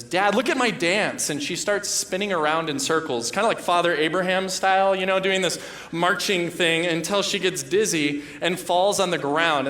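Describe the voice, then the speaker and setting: A man's voice: high voice, sharp tone. A man in his thirties preaching a sermon, telling a family story and acting out his young daughters' voices. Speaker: pastor. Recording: echoey church hall.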